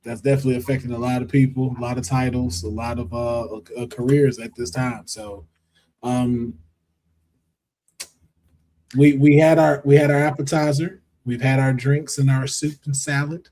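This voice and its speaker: A man's voice: mid-range voice, flat delivery, normal speed, mellow, slight background noise. A man hosting a podcast, chatting casually and often trailing off and restarting. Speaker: podcast host. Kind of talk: casual wrestling chat.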